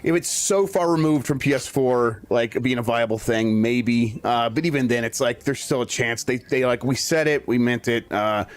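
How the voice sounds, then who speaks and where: A man's voice: medium pitch, moderate pace, few pauses. A man speaking as a guest on a casual panel discussion, hesitant, with many fillers and restarts.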